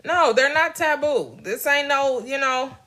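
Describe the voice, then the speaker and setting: A woman's voice: sits high, a little slow, pushed and bright. A middle-aged woman hosting a casual motivational talk, emphatic and direct, laughing often between her points. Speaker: motivational channel host.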